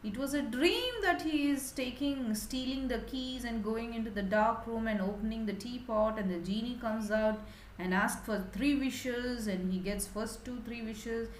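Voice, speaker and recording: A woman teacher explaining a story to young children, animated and asking them questions. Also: a little high, a little slow, echoey room, a little hiss or hum, poor audio.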